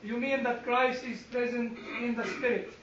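A man's voice: very high voice, normal speed, background noise. A man leading a church Bible class, asking questions and joking at his own expense. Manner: animated, questioning, self-deprecating humor. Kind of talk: classroom discussion. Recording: far-off echoey room mic, slightly dull.

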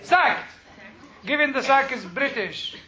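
A man's voice: very high voice, expressive, takes it slowly, sharp tone, highs cut off. A man speaking as a rabbi to a group, chatty and joking, often asking the audience questions. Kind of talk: informal talk with jokes.

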